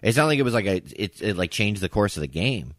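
Male podcast co-host, low voice, dry close mic, animated storyteller who voices both sides of an argument. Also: fast talker, no room sound. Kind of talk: casual podcast chat.

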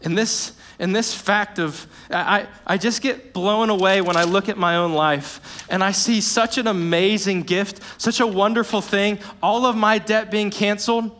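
A young man preaching with a notably high voice. He is earnest and repeats phrases for emphasis. For key lines he sinks into a quiet, low hush. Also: fairly even intonation, a little slow, hardly any pauses. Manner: earnest, repetitive emphasis, drops to a hushed low voice for key points. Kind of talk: sermon.

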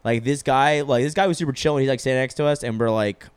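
A man's voice: medium pitch, fast talker, smooth, no echo. A young man telling a long story in casual chat, rambling with lots of filler words and swearing freely. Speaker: podcast storyteller.

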